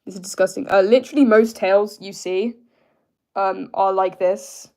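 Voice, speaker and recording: A young man with a British accent, chatting casually on a live stream and answering viewers, hesitant with many fillers as he tries to keep his voice low. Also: steady tone, a little mellow. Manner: hesitant, filler-heavy, deliberately lowering his pitch.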